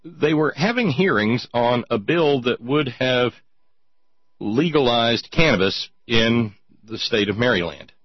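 A man's voice: medium pitch, animated, measured pace, husky, no room sound. A man hosting a talk show, mocking his topics in casual sardonic commentary and reading listener notes aloud. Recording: dull lo-fi sound.

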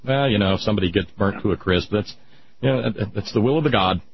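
A man hosting casual radio talk who rants loudly and slips into nerdy asides. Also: lowish voice, fast talker, slight background noise. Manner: ranting, animated, nerdy asides. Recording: dull lo-fi radio sound.

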